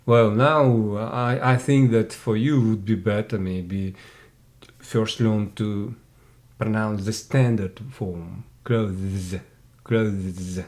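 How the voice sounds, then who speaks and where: Male tutor, unhurried, patient, repeats words for drills, one-on-one lesson. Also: lowish voice, fairly even intonation, a little mellow. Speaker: English tutor.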